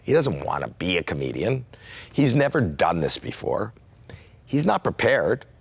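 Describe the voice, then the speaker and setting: Deep-voiced man telling a story. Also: measured pace, gravelly, husky, no echo. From Canada. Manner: animated, acts out quotes with sudden jumps in pitch. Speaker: comedian guest. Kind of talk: storytelling interview.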